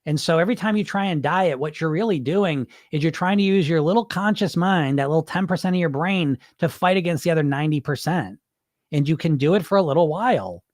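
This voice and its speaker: Man, podcast host, casual blunt talk, swears now and then, slightly high voice, dry close sound. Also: expressive, fairly quick, darkish tone, dry recording. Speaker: weight loss hypnotist and podcast host. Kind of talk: casual live-stream talk.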